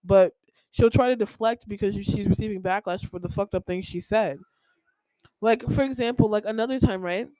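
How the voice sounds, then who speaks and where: A woman's voice: medium pitch, a little fast, warm tone, no room sound, low-quality recording. A young woman hosting a podcast, telling a personal story in a rambling, heated way with lots of filler words. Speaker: podcast host.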